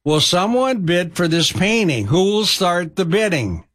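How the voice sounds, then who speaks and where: A preacher putting on a persistent male auctioneer who keeps pressing the crowd for bids in a told story. His voice sits a little high, and he stretches out his calls with steady insistence. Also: unhurried, exaggerated voice. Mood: insistent.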